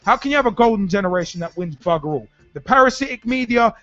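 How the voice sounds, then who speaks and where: A high-pitched man rants about football on a live talk show, blunt, heated and circling back to the same phrases. The sound is dull and lo-fi. Faint music plays behind him. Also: expressive, fast, a bit bright, dry recording. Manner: ranting, repetitive, blunt and heated.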